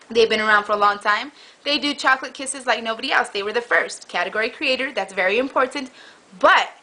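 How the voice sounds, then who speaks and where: A young woman vlogging in casual chat, rambling through an animated story. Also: on the high side, rough recording. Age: young adult.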